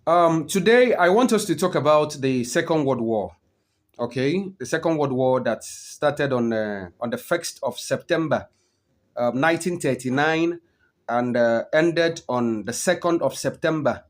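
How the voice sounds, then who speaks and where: A man giving an unscripted history lesson, often pausing with "okay" and "um" and repeating his key points. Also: fairly high pitch, animated. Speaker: history teacher.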